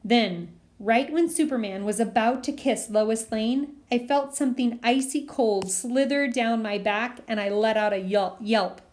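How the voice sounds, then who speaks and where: A woman reads a children's novel aloud as an audiobook. Her voice is fairly high, and she tells the story steadily. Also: a little slow, hardly any pauses, darkish tone. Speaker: reader.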